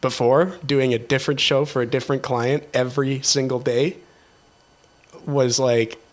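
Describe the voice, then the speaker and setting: Man, podcast host, casual chat, chatty, laughs a lot, mid-pitched voice. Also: normal speed. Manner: chatty, laughs often, animated retelling. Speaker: podcast host, theatre technician.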